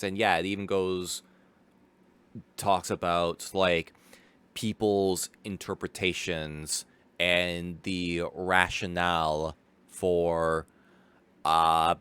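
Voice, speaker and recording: A man's voice: low-pitched, fairly bright tone, smooth. A man casually commenting as a streamer, rambling with lots of fillers and restarts and laughing easily. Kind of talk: casual live watch-along commentary.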